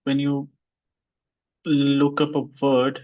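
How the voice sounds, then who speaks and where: Guy teaching english over a call, says words slowly over and over, kinda muffled sound. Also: medium pitch, monotone, a little mellow. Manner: slow, deliberate repetition of words for students. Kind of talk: online class drilling pronunciation.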